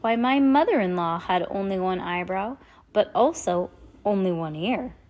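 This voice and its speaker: A woman's voice: mid-range voice, animated, normal speed, darkish tone, close to an everyday voice. A woman reading aloud as a fussy, anxious guardian aunt who is prim about grammar.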